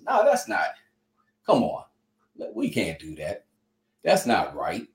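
A man's voice: sits low, very animated, measured pace, vocal fry. A man speaking earnestly in an interview, heartfelt and preacher-like, with many "you know" fillers. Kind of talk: earnest conversational testimony. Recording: echoey room.

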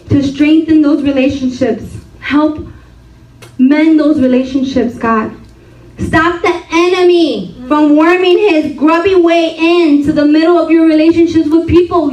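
High animated woman preaching to women. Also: dull audio. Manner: animated, laughing, call-and-response. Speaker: women's ministry speaker. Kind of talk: sermon to a women's gathering. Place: church hall. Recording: roomy hall, distant mic, audience.

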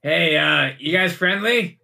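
A young man hosting a casual tabletop gaming podcast and playing along, easygoing and quick to laugh. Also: fairly high pitch, vocal fry, pushed and bright. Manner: easygoing, laughs often, loose fillers. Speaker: podcast host and player. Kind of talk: casual chat and tabletop play.

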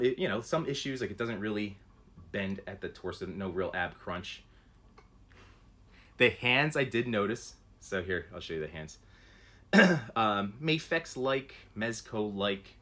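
A man's voice: fairly low pitch, fairly bright tone. A man doing a casual live stream, showing action figures up close and chatting with viewers in a rambling way, with lots of fillers. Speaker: toy collector streamer.

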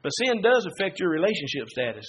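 A man preaching a sermon, moving from quiet Bible teaching to loud, fervent exhortation. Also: fairly high pitch, big pitch swings, fast, lo-fi sound.

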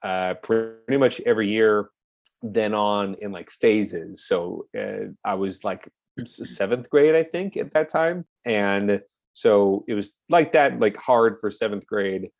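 A young man with a fairly low voice talks casually as an interview guest, relaxed and quick to laugh. He slips into other people's voices when he retells things. The sound is close and dry. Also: vocal fry, dry recording. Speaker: guest actor.

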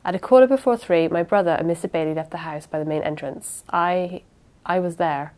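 A woman's voice: on the low side, lightly acted. A woman reading the part of a young woman who speaks evenly but halts and restarts under strain. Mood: earnest. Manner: even, halting with small restarts.

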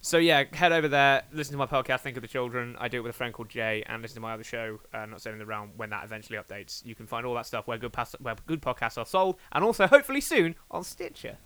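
A man's voice: medium pitch, quick pace, hardly any pauses, a bit bright, clean tone, no room sound. A young British man, a podcast guest, chatting casually with rambling, swearing, self-deprecating asides. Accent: British English. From Britain. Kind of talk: casual chat.

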